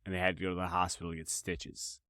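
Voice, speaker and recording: A young man with a fairly low voice tells stories the way he would among friends. He curses freely, restarts sentences and repeats himself for effect. His voice sounds close and dry, with no room around it. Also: fast talker, no echo. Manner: profane, animated, repeats himself. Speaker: podcast host. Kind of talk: casual comedic storytelling.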